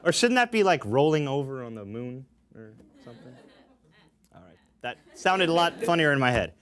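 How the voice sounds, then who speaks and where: A man's voice: medium pitch, sing-song, normal speed, a bit bright. A young man hosting a college comedy show, joking through gag texts with many fillers. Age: young adult. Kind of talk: stand-up style show hosting. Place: college studio with audience.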